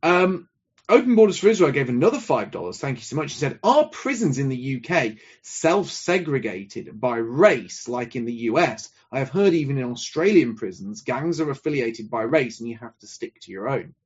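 Man, host, polite, husky, mid pitch, reading donations, dull lo-fi sound. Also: very animated, moderate pace. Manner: polite, courteous. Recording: muffled lo-fi audio.

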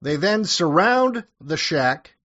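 Male storyteller, raised pitch, sarcastic and crude, dry and slightly muffled recording. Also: big pitch swings, slow pace, fairly bright tone, dry recording. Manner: sarcastic, crude, with wry asides. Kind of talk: casual true-crime storytelling.

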